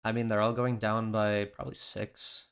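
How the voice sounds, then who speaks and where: Low-voiced laid-back male host. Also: flat delivery, normal speed, a bit bright, clear, resonant tone. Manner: reads out game stats and skill text in a laid-back way. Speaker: channel host. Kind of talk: casual game reaction chat.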